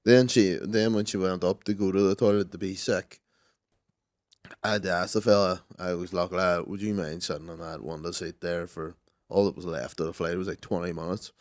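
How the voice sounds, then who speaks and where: A man's voice: low voice, steady tone, brisk, no room sound, clean studio sound. Man, crude laughing storyteller. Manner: crude, laughing storyteller, drops to a murmur when quoting. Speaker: podcast co-host. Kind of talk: casual chat.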